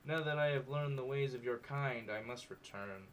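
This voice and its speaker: A man's voice: medium pitch, moderate pace, a little hiss or hum, natural voice. Man playing a stiff alien student, formal robotic speech. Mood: solemn. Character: stiff male alien classmate, robotic talk.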